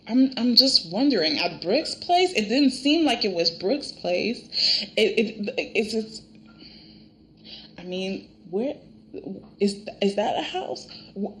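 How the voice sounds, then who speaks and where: A woman giving casual review commentary on a soap opera, animated and exasperated, often restarting her sentences. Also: a little high, poor audio.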